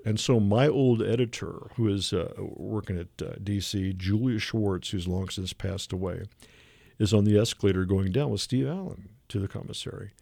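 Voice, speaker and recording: A man telling a lively anecdote as a radio guest, acting out the people he quotes. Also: lowish voice, normal speed, gravelly, no echo. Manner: animated anecdote teller who acts out the people he quotes. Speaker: guest artist and illustrator. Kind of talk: radio interview storytelling. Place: radio studio.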